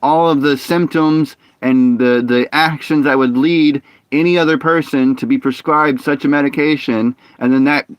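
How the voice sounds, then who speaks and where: A man's voice: medium pitch, steady tone, smooth, no echo. Ranting young male streamer, dry sound. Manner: ranting, opinionated, with sudden frustrated outbursts; halting restarts and repeated words. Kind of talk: casual live-stream talk while gaming.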